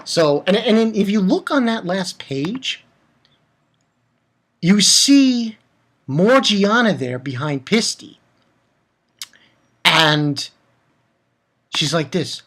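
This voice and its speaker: A man reviews a manga chapter in a loose, excitable vlog style, laughing as he goes. His pitch jumps all over the place, from loud outbursts down to low mumbled asides. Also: extremely slow, long pauses. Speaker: manga reviewer, channel host.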